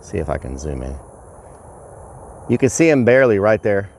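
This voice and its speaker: A man livestreaming outdoors, chatting excitably to his viewers and calling them y'all. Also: on the low side, moderate pace, a little hiss or hum. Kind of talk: casual outdoor livestream chat. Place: outdoors at a rural property.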